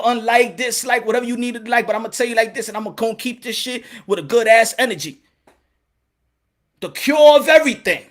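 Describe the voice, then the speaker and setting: A boxing channel host delivers a fervent, preachy monologue straight to camera, using blunt street slang and frequently erupting into shouts. His voice is pitched extremely high.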